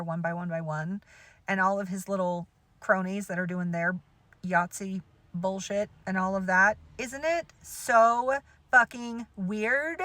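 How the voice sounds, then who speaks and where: A woman spiritual teacher talks straight to her followers in a bright, sharp voice, recorded dry and close. She is animated and exclamatory, laughs often, and swears freely in casual speech. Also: medium pitch, dry recording. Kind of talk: casual monologue to camera.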